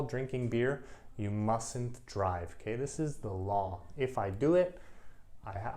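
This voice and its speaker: Slow, emphatic male English teacher. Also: fairly low pitch, a little mellow. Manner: slow, emphatic, repeats example sentences. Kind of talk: grammar lesson to camera.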